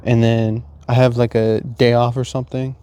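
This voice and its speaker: A young man casually telling a heartbreak story, cursing a lot and acting out his own inner dialogue, joking even while sad. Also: medium pitch, normal speed, clear, resonant tone, no room sound. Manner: laughs and jokes while sad. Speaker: vlogger.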